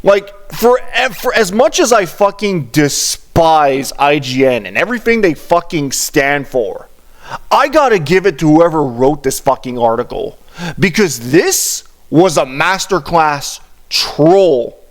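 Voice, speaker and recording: A high-voiced man rants over a video he is reacting to, his pitch leaping up and down as he mocks and curses. He swears almost every line and sounds thoroughly fed up. He talks at an unhurried pace. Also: sing-song. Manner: profane, exasperated, mocking ranting. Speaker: reaction commentator.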